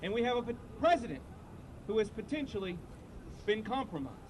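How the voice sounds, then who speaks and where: A man leading a veterans group, giving an earnest, halting rally speech outdoors and repeating himself. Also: sits high, very animated. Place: outdoor street protest. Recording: crowd noise outdoors. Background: crowd and street noise.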